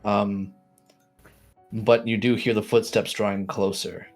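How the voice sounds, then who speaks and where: A man running a tabletop role-playing game as storyteller, narrating with slow, suspenseful pauses. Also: lowish voice, flat delivery, soft background music.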